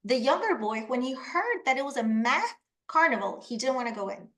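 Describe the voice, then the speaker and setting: A woman from Panama, presenting a webinar and telling lively personal anecdotes. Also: high-pitched, fairly quick. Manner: animated storytelling, acts out quoted voices.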